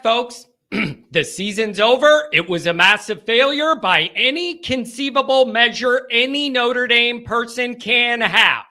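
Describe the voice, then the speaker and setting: A man hosting a post-game football call-in show, ranting and often shouting. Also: extremely high pitch. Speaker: sports talk show host.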